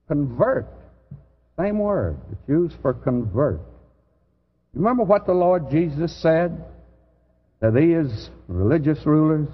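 A man preaching a sermon, earnest and conversational, with sudden loud emphasis. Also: mid-range voice, slightly rough. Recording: dull lo-fi recording with long hall reverb.

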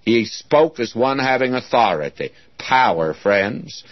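A man's voice: mid-range voice, animated, a little slow, dry recording. A man preaching an expository sermon as a Bible teacher, in an earnest, folksy way, often calling his listeners "friends". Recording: dull lo-fi recording.

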